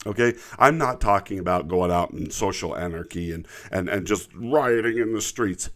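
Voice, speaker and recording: Brief: man from the US, very low voice, indignant trucker rant, repeats himself for emphasis. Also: normal speed, fairly bright tone. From United States. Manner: indignant, emphatic, repeats words when worked up. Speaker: truck driver vlogger. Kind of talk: ranting commentary.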